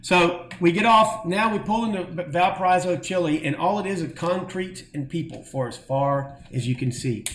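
A middle-aged man telling a long story in a casual, animated way and acting out the voices of the people in it. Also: high voice, normal speed, few pauses, reverberant, a little hiss or hum. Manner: animated, acts out quoted voices. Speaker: guest telling stories.

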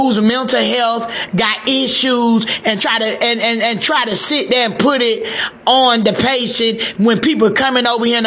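A woman from Georgia in the United States ranting in a monologue to camera. She rambles and repeats herself, swears often, trips over filler words and breaks into shouting. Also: fairly high pitch. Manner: rambling, repetitive, profane, stumbles over fillers. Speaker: vlogger.

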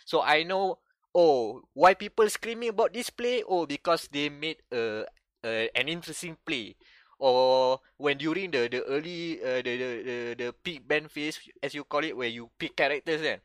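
A man co-hosting a casual gaming podcast, telling stories in an animated way with many restarts. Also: a little high, normal speed, no echo, clean studio sound. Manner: animated storytelling with frequent restarts. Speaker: podcast co-host. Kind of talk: casual chat.

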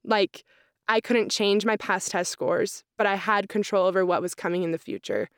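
In a relaxed interview, a young accounting student chats through her story, saying "like" constantly and voicing what she was thinking at the time. She has a steady mid-range voice at normal pace, with clean, echo-free studio sound.

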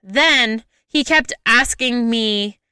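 A young woman telling a travel story in a casual chat, lively and full of "like" fillers. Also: fairly high pitch, extremely slow, clean tone, no echo, studio quality. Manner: lively, chatty, frequent "like" fillers.

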